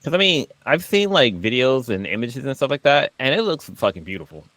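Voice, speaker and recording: Man, podcast co-host, casual profane chat, animated storytelling, swinging pitch. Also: fairly quick, dry recording. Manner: animated storyteller, swears freely, lively pitch.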